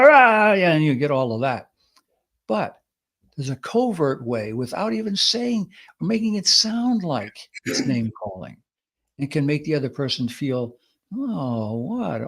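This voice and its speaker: A man in mid-range pitch talks through ideas in a steady, explanatory way. He punctuates his points by acting out short quotes with sudden lift and energy. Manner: explanatory, lively acted quotes. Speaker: podcast co-host. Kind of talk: conversational advice talk.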